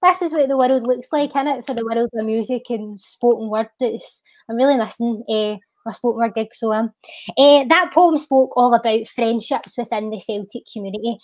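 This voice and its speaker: A Scottish woman with a slightly high voice reads her spoken-word poem slowly and deliberately. The sound is dry and close, with no room around her. She drops small fillers as she chats afterwards. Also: no echo, poor audio. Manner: slow, measured recitation with soft fillers. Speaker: charity guest and spoken-word poet.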